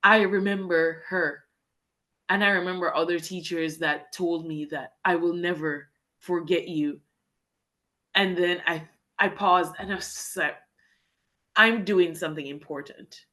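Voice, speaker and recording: Earnest young woman, lowish voice. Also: fairly even intonation, a little slow, pushed and bright. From Jamaica. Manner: earnest and heartfelt, talks in long winding sentences. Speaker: guest, English teacher in Japan. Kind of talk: candid personal storytelling in a podcast interview.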